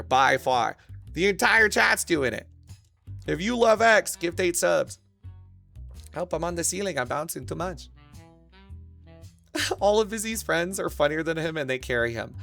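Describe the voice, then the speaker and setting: Male streamer, gravelly and bright, a touch high, crude and rambling with excitable bursts, faint music behind. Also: moderate pace, long pauses. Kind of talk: casual stream chat.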